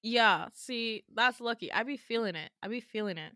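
A young woman co-hosting a podcast, telling a story in casual chat, animated and laughing often as she acts out quotes. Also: fairly high pitch, moderate pace, no room sound, clean studio sound. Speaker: podcast co-host.

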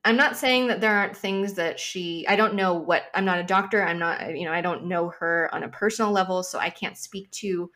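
A woman's voice: lowish voice, a little fast, few pauses, a bit bright. A woman astrologer talking casually on a podcast, thoughtful and emphatic, with frequent hedging asides. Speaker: astrologer guest.

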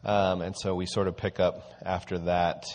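Man, lower pitch, easygoing conversational sermon delivery, storyteller. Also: little pitch movement, moderate pace, darkish tone. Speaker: church teacher. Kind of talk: casual sermon.

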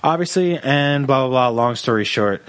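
A young man on a comedy podcast, telling a long personal story in an animated, joking way and acting out the people in it. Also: mid-range voice, moderate pace, no room sound. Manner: animated storyteller, acts out quoted voices. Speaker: podcast co-host.

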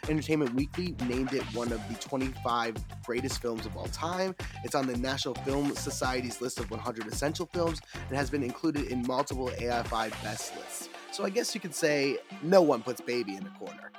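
A man's voice: medium pitch, animated, fairly quick, few pauses. Male podcast host with music behind. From Panama. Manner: informative, stumbles and repeats words when talking off the cuff. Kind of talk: scripted film-history narration and casual chat.

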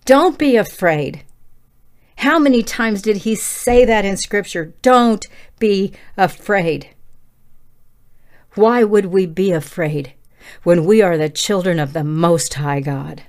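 A woman's voice: fairly low pitch, unhurried. Fervent woman praying aloud. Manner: fervent, pleading, swelling to near-shouting. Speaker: preacher. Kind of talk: passionate prayer and sermon.

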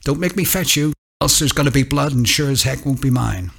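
A man voicing a menacing outlaw bank robber who hollers threats in a rough drawl while reading a story aloud. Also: medium pitch, expressive, fairly quick, a bit bright, voice pushed up, full character voice. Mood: threatening.

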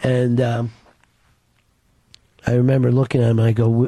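A man telling a dark comic story in a deadpan, profane way. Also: medium pitch, moderate pace, pauses often, no echo.

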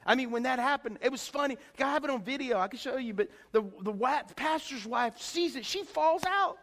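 A man preaching a sermon, telling stories excitedly and swinging from soft talk to shouts. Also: extremely high pitch, a little fast. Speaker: pastor.

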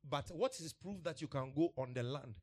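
A man's voice: a little high, expressive, moderate pace, a little hiss or hum. A man preaching a sermon, emphatic and repetitive, with laughs between points.

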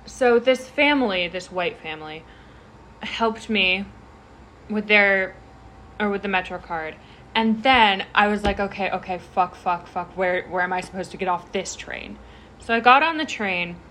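A young woman chats casually, telling an animated, rambling story full of "like" and "anyway" and quick restarts. Her voice sits at a middle pitch. Faint noise hums underneath. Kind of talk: casual chat.

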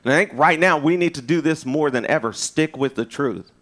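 A man preaching a sermon in a loose, conversational way, with restarts and asides, swinging from loud emphasis to hushed, and in his speech. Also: on the high side, brisk. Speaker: pastor.

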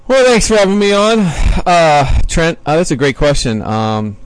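A man's voice: on the high side, sing-song, moderate pace, clear, resonant tone, dry recording. A man in his forties, a former baseball player, talks as a podcast guest in a casual, rambling way with lots of fillers. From Florida, USA. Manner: chatty storyteller with many fillers and restarts. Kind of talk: casual interview chat.

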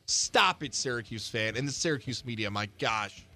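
A man's voice: mid-range voice, moderate pace, faint music behind. A man hosting sports talk radio, ranting with energy and acting out the quotes he tells. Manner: animated, ranting, acts out quotes.

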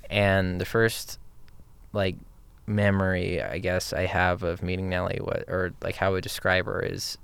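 A young man telling a story in a casual chat with his partner, animated and mimicking voices. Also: sits low, unhurried, creaky, clear, resonant tone, no echo. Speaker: partner in a couple's conversation.

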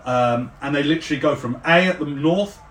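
A man's voice: a little high, a little fast, a bit bright, a little hiss or hum. Roomy-sounding man running a tabletop game. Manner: descriptive, with frequent fillers. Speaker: game master. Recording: roomy, distant mic.

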